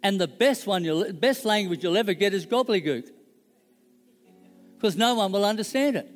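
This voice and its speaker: Middle-aged male pastor, high pitch, casual joking sermon delivery, echoey church hall, faint music bed. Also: expressive, moderate pace. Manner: conversational and joking, checks in with the audience.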